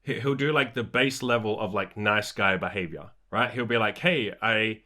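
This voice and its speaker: Low-voiced, blunt, swearing man. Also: normal speed, sharp tone. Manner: profane, blunt and laid-back. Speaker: podcast host. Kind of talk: casual chat.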